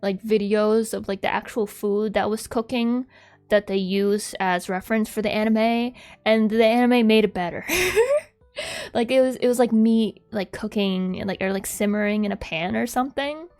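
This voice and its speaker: A young adult woman streams as a VTuber, chatting casually in a rambling, giggly way with plenty of "like" fillers. Her medium-pitched voice is steady and a little mellow, moving at normal speed.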